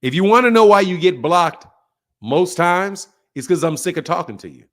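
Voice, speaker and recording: A man hosting a boxing livestream talks in a fairly high voice, profane and confrontational. He ranges between loud outbursts and quieter mutters as he lectures his viewers. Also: animated, moderate pace. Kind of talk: heated livestream rant.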